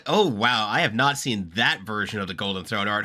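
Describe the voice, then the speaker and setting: A man hosting a casual reaction video, rambling excitedly, swearing freely and laughing often as he comments. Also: lowish voice, moderate pace.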